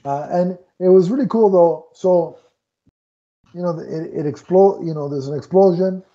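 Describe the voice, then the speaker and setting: A man's voice: high-pitched, moderate pace, dark tone. Man retelling film scenes, lo-fi. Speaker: podcast co-host. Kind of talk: casual chat. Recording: dull lo-fi audio.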